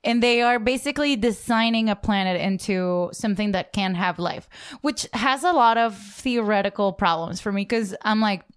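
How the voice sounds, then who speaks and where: A woman co-hosting a casual chat about a TV episode, animated and quick to laugh. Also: medium pitch, clear, resonant tone. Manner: animated, laughing, playful impressions. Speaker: podcast co-host.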